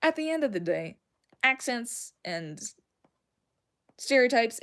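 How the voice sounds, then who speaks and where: A young woman with a Southern US accent talks slowly on her livestream, her fairly high, slightly bright voice swinging widely in pitch. She rambles, giggles, and makes fun of herself while answering chat.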